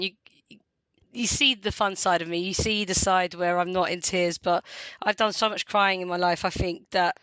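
A woman in her forties, a podcast guest, talking in a chatty, animated way and laughing often. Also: on the low side, clean tone, dry recording. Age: 40s. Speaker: guest, community radio host. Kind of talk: casual podcast conversation.

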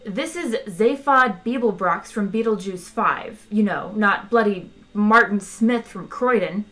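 A woman's voice: medium pitch, a little slow, a bit bright, close to an everyday voice. A woman reading aloud, voicing a cool, worldly alien traveller who drawls and grows exasperated.

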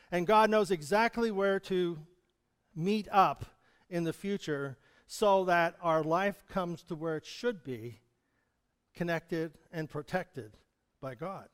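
A man's voice: sits high, takes it slowly, clear, resonant tone, big-room sound. A male pastor preaching a sermon in a conversational manner, chuckling often. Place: church hall.

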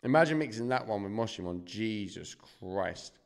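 A man's voice: lowish voice, lively intonation, normal speed, vocal fry, slight background noise. A young man doing casual live-stream commentary, swearing freely and chatting to his viewers. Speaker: slot streamer.

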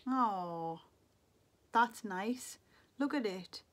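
A woman's voice: mid-range voice, very slow, a bit bright. A middle-aged woman from England, chatting to camera as a beauty vlogger, muttering to herself in a wistful, casual way. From Northeast England.

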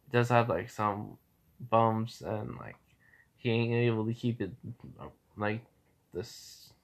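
A man's voice: fairly low pitch, steady tone, slow, gravelly. A man casually telling a fan story, rambling with lots of fillers.

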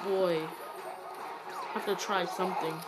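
A woman giving excitable, ranting commentary while playing a mobile game, swinging between yelling and muttering. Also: lowish voice, unhurried, heavy background noise. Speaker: gaming YouTuber. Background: loud game music.

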